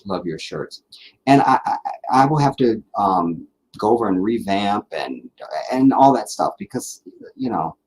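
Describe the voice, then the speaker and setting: A man's voice: on the low side, very animated, a little slow, slight background noise, poor audio. A man hosting a casual live stream, chatting loosely with viewers, rambling, repeating himself and laughing easily. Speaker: livestream host. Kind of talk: casual live chat reading viewer comments.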